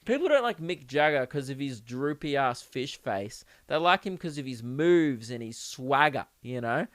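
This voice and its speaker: Sweary comedian riffing. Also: male voice, mid-range voice, lively intonation, normal speed, a bit bright, no echo, studio quality. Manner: sweary, rambling, laughs at own jokes. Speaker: comedian podcast host. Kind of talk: casual comedic monologue.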